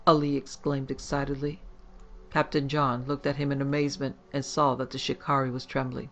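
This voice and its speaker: A man giving a steady, measured scripted narration of a horror story. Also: mid-range voice. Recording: faint background music.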